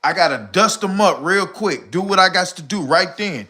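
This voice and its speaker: A man's voice: high voice, lively intonation, normal speed, pushed and bright. A middle-aged man hosting a live stream, chatting casually and reading comments in rambling slang, often short of breath.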